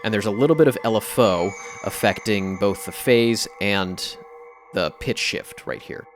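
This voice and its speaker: A man casually explaining how he recorded and processed sounds for a music piece, in a relaxed way with a few fillers. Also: lowish voice, a little slow. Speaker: music producer. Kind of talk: casual tutorial narration.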